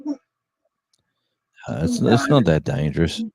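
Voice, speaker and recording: A man's voice: low-pitched, wildly swooping pitch, measured pace, mellow, husky, dry recording. A man with an Australian accent telling rambling stories in a casual live-stream chat, with plenty of fillers. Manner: rambling storyteller, many fillers.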